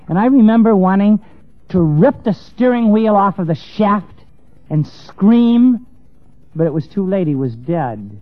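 High-voiced man telling an impassioned story. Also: expressive, a little slow, dry recording. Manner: impassioned, stammering, swings from hushed to raised. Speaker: speaker telling a personal story. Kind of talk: emotional personal storytelling to an audience. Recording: tinny lo-fi dry recording with faint music.

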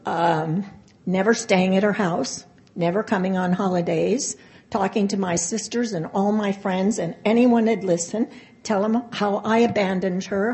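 An older woman telling a personal recovery story, halting and emotional, with pauses and restarts. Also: medium pitch, gravelly, darkish tone. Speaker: speaker sharing a recovery story. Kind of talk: personal testimony.

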